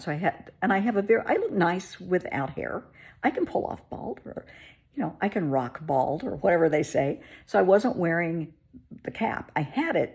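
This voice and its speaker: A woman's voice: low voice, darkish tone, slightly rough. A woman, a therapist, candidly telling her own story in a conversational, emotional way. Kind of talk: personal storytelling vlog.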